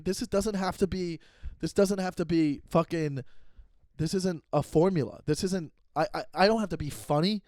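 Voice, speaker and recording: Comedian guy ranting, cussing a lot, kinda high voice, dry bedroom phone sound. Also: darkish tone, dry recording. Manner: profane, ranting, fast restarts. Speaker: comedian podcast host. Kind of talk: solo podcast rant. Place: bedroom with the door closed. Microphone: phone set up pointing at him.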